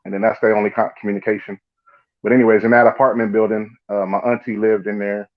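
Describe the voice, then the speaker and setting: A man's voice: lowish voice, quick pace, highs cut off. A man from Southern California hosting a live podcast, telling stories in casual, profane chat and acting out other people's lines. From Los Angeles area, Southern California. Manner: profane, animated storytelling with imitated voices. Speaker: podcast host.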